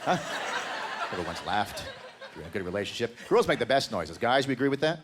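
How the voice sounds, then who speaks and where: A man's voice: medium pitch, very animated, a little fast, very noisy. A man doing a stand-up comedy set, telling crude rambling stories and talking to the crowd. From Canada. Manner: rambling storyteller, crude jokes, talks to the crowd. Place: comedy club stage with live audience.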